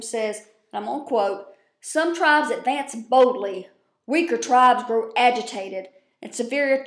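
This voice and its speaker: A woman casually recapping a show on her vlog, chatty, profane and quick to laugh, recorded on a webcam at her desk. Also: on the high side. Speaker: vlogger. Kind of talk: casual chat. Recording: roomy echo.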